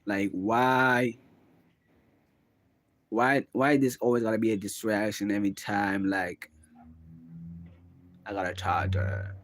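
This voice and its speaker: A man's voice: on the low side, fairly even intonation, takes it slowly, long pauses, fairly bright tone, dry recording. A young man vlogging in a casual confessional monologue, rambling and musing, with constant fillers. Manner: rambling, musing, full of "like" and "bro".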